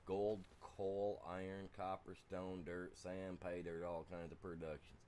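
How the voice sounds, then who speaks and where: A man's voice: low-pitched, level tone, unhurried, mellow, a little hiss or hum. A man streaming a farming game, chatting casually with viewers in a rambling way, full of "you know" asides. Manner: rambling, talks to chat, lots of "you know". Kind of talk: casual gaming livestream chat.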